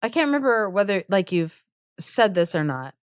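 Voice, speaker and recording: A woman's voice: mid-range voice, very animated, normal speed, clean tone, no echo. Joking woman co-host, casual filler-heavy chat, dry close sound. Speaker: podcast co-host. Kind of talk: casual chat retelling a fairy tale.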